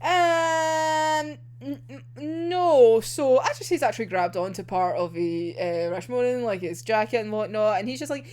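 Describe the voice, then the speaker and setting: A woman giving an emotional, excitable casual recap of a manga volume, swearing and acting out characters' lines. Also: on the high side. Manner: emotional, swearing, laughing and groaning over the story; acts out characters' lines in quick quoted asides. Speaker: manga reviewer.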